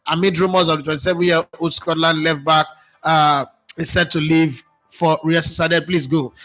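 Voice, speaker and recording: A man's voice: on the high side, steady tone, moderate pace, fairly bright tone, faint music behind. A man hosting a casual live football talk show, reading viewer comments with sarcastic, chatty asides and many fillers. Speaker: sports talk host.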